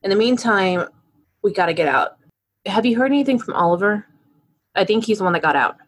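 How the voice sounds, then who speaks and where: A woman voicing a gruff, curt young man locked in jail. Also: mid-range voice, lively intonation, brisk. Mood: grumbling.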